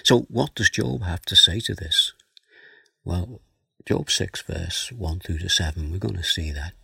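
Man, preacher, very deep voice, gravelly, bright edge, earnest Bible teaching. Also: no room sound, studio quality. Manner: slow, earnest, reads scripture aloud then explains it.

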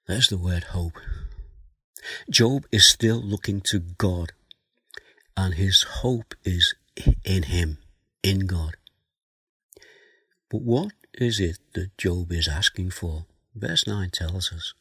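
Slow, gravelly male preacher. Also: deep voice, bright, forceful tone, no echo, studio quality. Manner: slow, earnest, reads scripture aloud then explains it. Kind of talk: Bible teaching sermon.

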